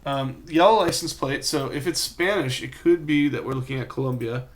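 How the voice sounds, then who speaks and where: A man's voice: medium pitch, moderate pace. A man giving live commentary on a geography guessing game, thinking aloud in a rambling, self-mocking way. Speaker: game streamer.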